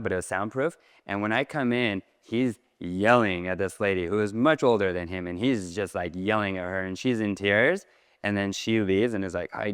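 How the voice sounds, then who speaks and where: A man tells a personal story to a crowd in a large hall, animated and packed with casual fillers. His voice sits on the low side and comes through smooth and resonant. A long hall reverb trails behind his words. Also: clean studio sound. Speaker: speaker. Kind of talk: storytelling talk.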